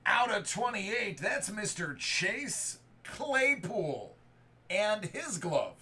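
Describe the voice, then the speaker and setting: A man hosting a live sports card break, reading out cards and serial numbers and erupting into hype shouts. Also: high voice, big pitch swings, extremely slow.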